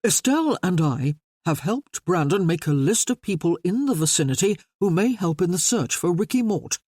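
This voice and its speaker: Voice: medium pitch, very animated, normal speed, darkish tone, no echo, clean studio sound. A reader voicing a cheerful, eager young viscount.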